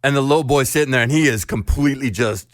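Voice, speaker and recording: A man's voice: medium pitch, fast, no room sound, studio quality. A man co-hosting a casual parenting podcast, telling stories with energy. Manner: animated storyteller who acts out the voices. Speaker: podcast co-host.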